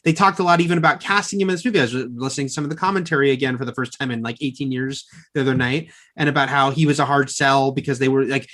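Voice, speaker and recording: A man's voice: medium pitch, very fast, few pauses, a bit bright. A man with a Californian accent co-hosting a podcast, chatting casually about movies, hedging and correcting himself often and laughing easily. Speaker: podcast co-host.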